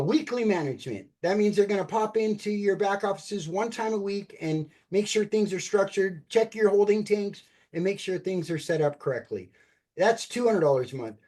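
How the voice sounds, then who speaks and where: Brief: male presenter, upbeat pitch voice, talks straight to the team, video-call sound. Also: darkish tone. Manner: upbeat, keeps addressing listeners as "you guys". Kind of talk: enthusiastic sales pitch.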